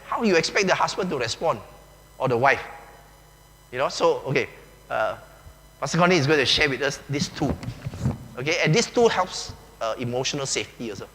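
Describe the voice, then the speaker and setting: Bright-voiced Malaysian pastor, joking. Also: male voice, mid-range voice, lively intonation, brisk, long pauses. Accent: Malaysian English. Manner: chatty and joking, often says "okay", uses "lah" and "ah". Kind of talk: conversational sermon. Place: large church hall. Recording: echoey hall with faint hum.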